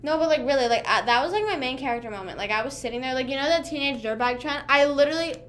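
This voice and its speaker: Young female streamer, twenties, slightly high voice, casual slangy rambling chat, light background hiss. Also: expressive, rapid-fire. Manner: chatty, slangy, lots of "like" and "bruh". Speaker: livestreamer. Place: home room.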